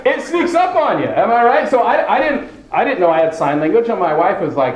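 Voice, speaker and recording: A man hosting a comedy night, bouncing through jokes with a lively, fairly high voice. He acts out other people in exaggerated bits. The sound is roomy and somewhat muffled, like a club recording. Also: brisk, few pauses. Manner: joking, animated, mock-dramatic quotes. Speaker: comedy show host. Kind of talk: stand-up comedy. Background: audience laughter.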